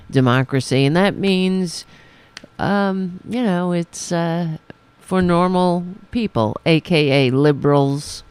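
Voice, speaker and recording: A woman's voice: low voice, darkish tone, clean tone. A woman hosting a casual live-stream talk show, flustered, swearing and stumbling over her words. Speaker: host.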